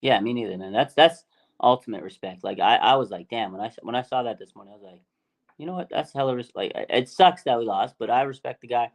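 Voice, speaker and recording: A man hosting a casual sports podcast, talking in an animated, slangy way with many fillers and restarts. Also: medium pitch, fast. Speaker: podcast host.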